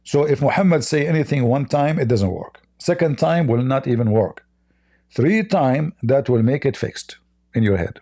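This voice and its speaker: A man's voice: mid-range voice, animated, normal speed, warm tone. A man hosting a live debate stream, talking casually in a sarcastic, taunting way with lots of hesitant fillers.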